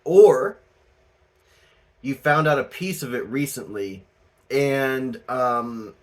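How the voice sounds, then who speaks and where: Slow-talking man giving a casual tarot reading. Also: medium pitch. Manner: laughing, swearing, rambling and animated. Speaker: tarot reader.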